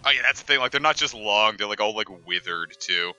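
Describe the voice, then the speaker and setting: A man's voice: lowish voice, expressive, fairly quick, bright, forceful tone. A man streaming a game, making rambling jokes and asides full of fillers. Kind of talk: casual gameplay commentary.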